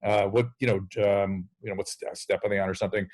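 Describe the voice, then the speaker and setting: A man's voice: on the low side, level tone, fast, low-quality recording. Man, physician, blunt and emphatic, curses for emphasis, video call audio. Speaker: addiction medicine physician on a call-in show. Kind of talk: candid interview chat.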